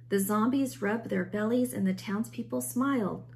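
Woman teacher, picture-book read-aloud, expressive storytelling, middle-pitched voice. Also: moderate pace, few pauses.

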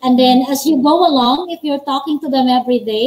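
Higher-pitched woman explaining. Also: fast, few pauses, darkish tone, rough recording. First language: Filipino. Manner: practical, explaining step by step. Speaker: guest, former call center agent. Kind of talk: interview answers on a live stream.

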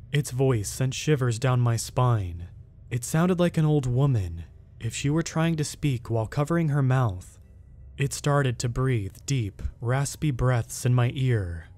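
A man's voice: medium pitch, darkish tone. Man narrating a scary story. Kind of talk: scripted narration.

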